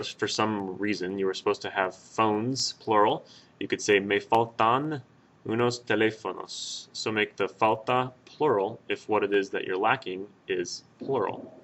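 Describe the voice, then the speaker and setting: A man's voice: lowish voice, a bit bright. A man teaching a Spanish grammar lesson over a screen recording, explaining patiently with fillers and self-corrections.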